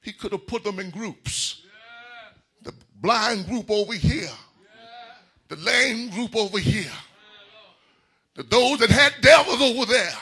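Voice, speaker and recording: Husky high preacher guy, bright tense voice, hollers and sings his lines in church. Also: animated, takes it slowly, long pauses. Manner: whooping call-and-response preaching, rising into shouts. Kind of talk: sermon.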